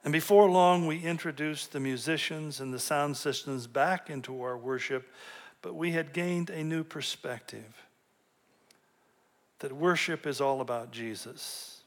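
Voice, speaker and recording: Speaking at a measured pace in a fairly high voice, this preacher gives a chatty sermon built on stories and light humor. He often starts over and repeats words as his argument takes shape.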